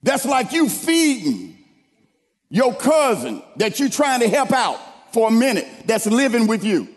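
A man preaching a sermon, leading the congregation in call-and-response and building to shouted lines. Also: very high-pitched, sing-song, a little slow. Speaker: pastor. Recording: long hall reverb.

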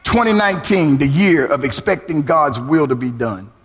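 High-voiced middle-aged pastor preaching, half singing and shouting, echoey church hall. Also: male voice, expressive, normal speed, faint music behind. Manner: preaching with rising sung shouts, call and response. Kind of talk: sermon.

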